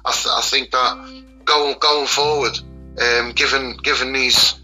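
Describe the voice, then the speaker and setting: A man with a Scouse accent talking earnestly as a guest, halting and repeating his words. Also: mid-range voice, steady tone, pushed and bright, faint music behind, rough recording. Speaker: guest, children's rights campaigner. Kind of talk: casual podcast interview.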